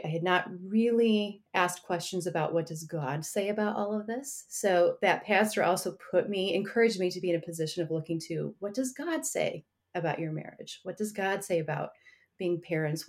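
A woman's voice: on the low side, a little mellow. A married woman telling her faith story as an interview guest, earnest and reflective, with frequent light laughter between thoughts.

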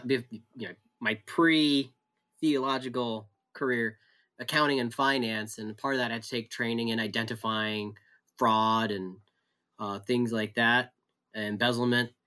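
A man's voice: mid-range voice, unhurried, bright, forceful tone. A man in a conversational Bible study, reflective and thinking aloud with frequent restarts. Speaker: pastor.

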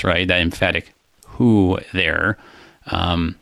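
Casual co-host, male, deep voice, dry close sound, thinks aloud with frequent fillers. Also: moderate pace, gravelly, a bit bright, no echo. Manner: thoughtful, many fillers and restarts. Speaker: co-host discussing a psalm. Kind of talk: casual theological discussion.

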